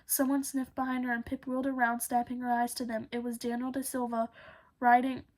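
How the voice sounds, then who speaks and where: Woman, audiobook narration, steady, fairly high, monotone. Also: brisk. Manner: steady, with occasional slips and restarts. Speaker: audiobook reader.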